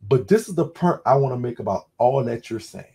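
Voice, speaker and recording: A man's voice: mid-range voice, lively intonation, brisk, mellow, slightly rough. A man with a Louisiana accent hosting a casual call-in talk, telling a personal story loosely, with many restarts and blunt cursing. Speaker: host.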